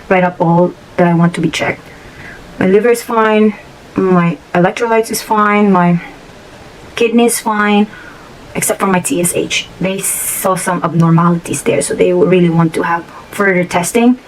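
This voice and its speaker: A middle-aged woman with a hoarse, fairly low voice talks casually to her vlog audience. She rambles and restarts her sentences often. A faint background hiss runs under the recording. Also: poor audio. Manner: rambling and candid, with frequent restarts. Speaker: vlogger. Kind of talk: casual chat.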